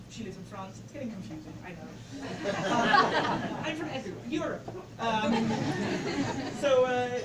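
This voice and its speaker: A woman in her twenties with an English accent, telling a story live on stage, chatty, with many fillers and laughing at her own story. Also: medium pitch. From England. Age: 20s. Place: bar stage before a live audience. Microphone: distant camera mic. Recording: roomy, distant live recording with loud crowd and noise.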